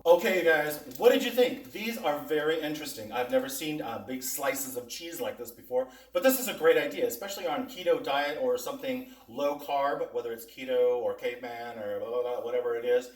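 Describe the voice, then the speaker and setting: A man with a medium-pitched voice talks fairly quickly, hardly pausing, as he hosts a casual snack taste-test vlog and chats with viewers while eating, often with his mouth full. The mic sits at a distance in an echoey room, so he sounds roomy and a bit far off.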